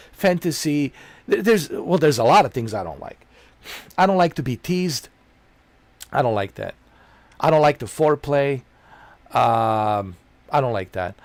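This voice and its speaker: Gravelly-voiced man ranting bluntly. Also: medium pitch, no echo. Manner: rambling, blunt and profane, repeats himself. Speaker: streamer. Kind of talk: casual ranting chat.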